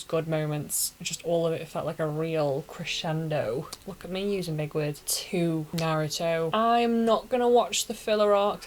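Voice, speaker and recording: A low-pitched woman recapping a show in a casual, gushing way, dramatic about the sad parts. Her voice sits deep for a woman. A faint hiss of noise runs under it. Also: low-quality recording. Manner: gushing, emotional fan with dramatic asides. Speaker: anime reviewer. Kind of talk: casual retelling.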